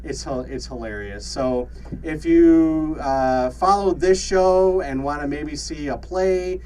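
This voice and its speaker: A man's voice: on the high side, slow pace, warm tone, smooth, distant mic, low-quality recording. A man co-hosting a podcast in casual chat, with lots of fillers and laughter. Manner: laughs often, many fillers and restarts. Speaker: podcast co-host.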